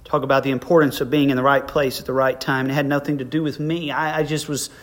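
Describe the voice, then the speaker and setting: A man's voice: medium pitch, little pitch movement, fast talker. A middle-aged man preaching a sermon as a pastor, telling a story in a conversational way that climbs to emphatic peaks.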